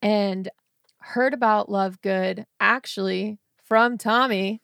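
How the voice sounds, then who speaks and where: A young woman in her twenties tells her story as a podcast guest, bubbly and casual. Her voice carries a lot of fry, and the recording is dry and close-miked. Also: medium pitch, fairly even intonation, slow pace, fairly bright tone, no echo. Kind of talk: casual conversation.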